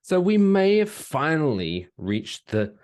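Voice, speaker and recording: A man, co-hosting a casual podcast, telling stories with lively, swooping emphasis. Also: takes it slowly. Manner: animated storytelling, swooping pitch, laughs while talking. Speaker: podcast co-host.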